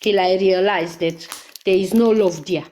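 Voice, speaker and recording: A woman's voice: mid-range voice, steady tone, unhurried, darkish tone, a little hiss or hum. A woman ranting angrily in a vlog, scolding someone with repeated insults and accusations. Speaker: vlogger. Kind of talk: angry live vlog rant.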